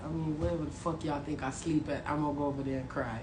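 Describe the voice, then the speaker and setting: A woman with a Jamaican accent ranting casually and profanely to her viewers, half joking, turning from mumbled apologies to loud outbursts. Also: sits low, steady tone, fast. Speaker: vlogger. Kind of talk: casual comedic rant to viewers. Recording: roomy echo, faint background noise.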